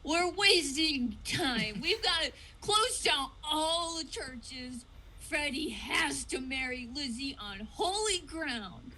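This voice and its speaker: A woman voicing a frantic young woman held in custody in a comedic table read, shrill, desperate and tearful. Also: animated, slow pace, pushed and bright, heavily acted, poor audio. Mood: pleading.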